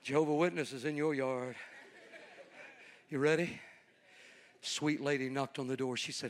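Speaking a little high at a moderate pace with long pauses, a man delivers a folksy, conversational storytelling sermon that rises into a fervent preaching rhythm. It's recorded with the long reverb of a large hall.

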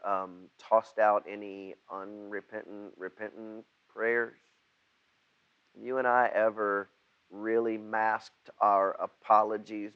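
A man preaching a sermon over video, speaking haltingly with frequent restarts and rising to emphatic outbursts. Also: on the low side, fairly bright tone, lo-fi sound. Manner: rises to emphatic outbursts when voicing Jonah. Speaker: pastor.

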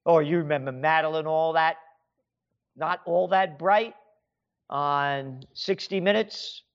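Sarcastic high-voiced man, slow rant. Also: smooth, lo-fi sound. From United States. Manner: sarcastic, rhetorical questions, heated. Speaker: author. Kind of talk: ranting monologue.

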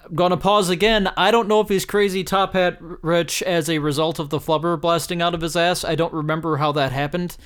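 A man with a slightly raised voice hosts a solo podcast and reads his own tweets aloud. His delivery is animated and jokey, jumps into loud mock outrage, and is sprinkled with casual swearing. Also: a little high, brisk, hardly any pauses, clear, resonant tone. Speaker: podcast host.

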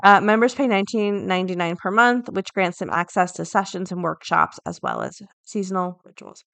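Woman podcast host, casual commentary, lowish voice, dry close-miked sound, chatty with fillers. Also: a little fast, gravelly, fairly bright tone, no echo. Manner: chatty, thinks aloud with many fillers and restarts.

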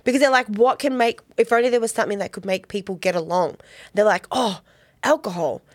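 A woman's voice: medium pitch, fast talker, dry recording. A woman co-hosting a podcast, chatting casually and giggling as she recaps a TV episode and quotes the characters in playful voices. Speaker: podcast co-host. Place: cold home garage studio. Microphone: podcast microphone.

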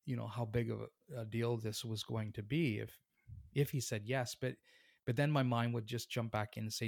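A man telling a story about his career as a tattoo artist in a relaxed, conversational way. He acts out the other people in the story and laughs often. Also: mid-range voice, measured pace, vocal fry, no echo, studio quality. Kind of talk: casual storytelling.

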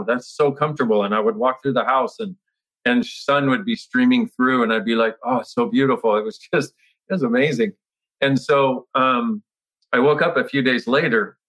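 A man's voice: medium pitch, fairly even intonation, normal speed, a bit bright, low-quality recording. A middle-aged man telling a personal story in conversation, acting out his past self with exclamations and restarting his sentences often. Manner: frequent restarts and filler words. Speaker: interview guest.

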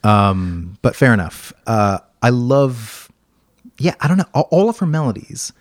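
A man's voice: medium pitch, sing-song, measured pace, dry recording, clean studio sound. A man co-hosting a casual music podcast, talking with enthusiasm and rambling, sometimes singing bits of lyrics. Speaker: podcast co-host. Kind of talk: casual music review chat.

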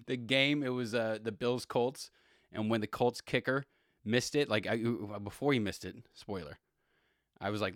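A man's voice: lowish voice, moderate pace, fairly bright tone, dry recording, clean studio sound. A man hosting a podcast and rambling casually about football, chuckling and correcting himself as he goes. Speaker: podcast host. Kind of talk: casual sports chat.

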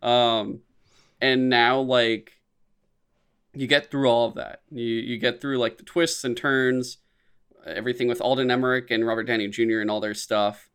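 A man's voice: moderate pace, clear, resonant tone. A young man rambles through a casual podcast chat, cursing freely, and his voice leaps up when he acts out his own reactions. His voice sits in an ordinary middle range. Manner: rambling, animated, swears often, voice jumps high when quoting reactions. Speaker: podcast co-host.

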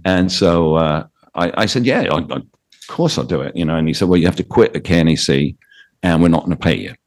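A British man with a British accent, a radio DJ and author telling lively anecdotes as an interview guest. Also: sits low, fairly quick. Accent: British English. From Britain. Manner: animated anecdotes with quoted voices. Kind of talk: storytelling interview.

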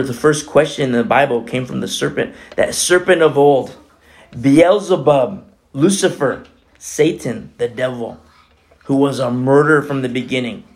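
A man preaching a sermon as pastor, animated and conversational, swinging between loud and hushed. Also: medium pitch, gravelly. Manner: conversational, with many fillers like "you know" and "like".

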